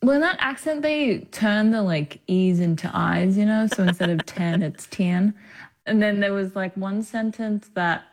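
An Australian woman, an actress being interviewed, talking in a chatty, animated way and laughing often. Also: mid-range voice, moderate pace, hardly any pauses. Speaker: actress guest. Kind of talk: casual interview chat.

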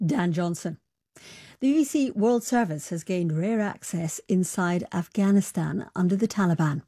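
A woman presenting the news, reading links in a crisp, formal way. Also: on the low side, normal speed, dark tone.

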